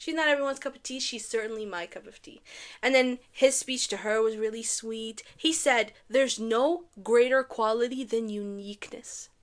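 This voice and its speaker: A young woman from Canada recapping a reality dating show in a casual, animated way, gushing and repeating lines for effect. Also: on the high side, normal speed.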